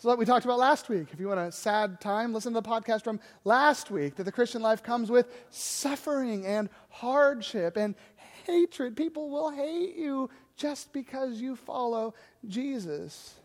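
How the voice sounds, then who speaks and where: A man with a very high voice preaches as a pastor, easy and conversational, and he acts out the people in the story as he tells it. His words ring out with a long reverb, as if in a large hall. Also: a little slow. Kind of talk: sermon.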